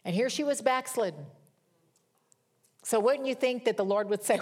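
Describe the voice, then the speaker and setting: A woman's voice: on the high side, moderate pace, long pauses, darkish tone. A middle-aged woman preaching a sermon to a congregation, earnest and storytelling, repeating key phrases for emphasis.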